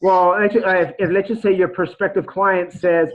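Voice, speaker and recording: A man's voice: high voice, little pitch movement, normal speed, muffled recording. A man giving a casual, rambling coaching talk on sales calls, acting out example phone conversations. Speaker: sales trainer.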